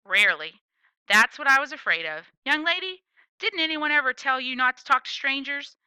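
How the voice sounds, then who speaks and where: A woman's voice: high-pitched, lively intonation, normal speed, bright, forceful tone, dry recording, voice pushed up, heavily acted, poor audio. A woman voicing a stern, suspicious, very tall old woman gardener who answers curtly. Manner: curt, suspicious.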